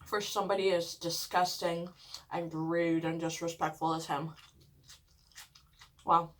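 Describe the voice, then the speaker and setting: A woman vlogger telling a story casually while eating, chatty and full of "like", swearing often and dropping into hushed whispers at dramatic moments. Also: lowish voice, level tone, unhurried. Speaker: mukbang vlogger.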